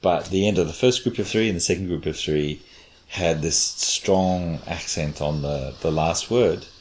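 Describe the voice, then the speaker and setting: A man's voice: low-pitched, normal speed. A man, a cognitive scientist, explaining his experiments patiently in a casual chat and demonstrating intonation.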